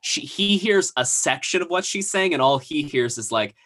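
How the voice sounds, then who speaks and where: In this casual podcast chat, a male co-host retells a TV episode in a meandering, filler-heavy way, drifting into asides. He speaks at a normal speed in a fairly high, expressive voice with a slightly bright tone.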